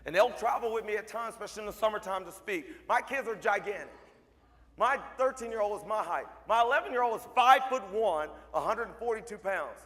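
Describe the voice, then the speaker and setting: A man with a high, bright voice delivers a motivational speech to a live audience. He tells his stories animatedly, acting out the characters and breaking into shouts. His voice rings out with a long reverb in a large hall. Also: expressive, brisk. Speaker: motivational speaker.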